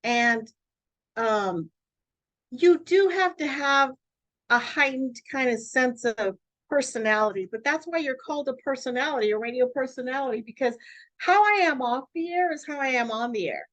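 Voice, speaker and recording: A woman who is a radio host, talking in a free-flowing, emphatic, animated way in a casual interview. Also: sits high, moderate pace, no echo, rough recording. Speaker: radio host and network owner.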